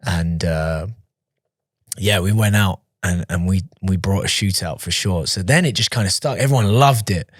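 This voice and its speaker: Chatty low-voiced man telling stories. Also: normal speed, no room sound, studio quality. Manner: chatty, restarts sentences, laughs easily. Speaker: podcast guest, professional fighter. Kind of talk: casual storytelling in an interview.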